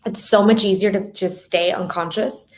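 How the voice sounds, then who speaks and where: A woman's voice: mid-range voice, steady tone, moderate pace. A woman coaching guest in casual podcast chat, talking openly in a chatty way and filling her speech with "like" and "right?".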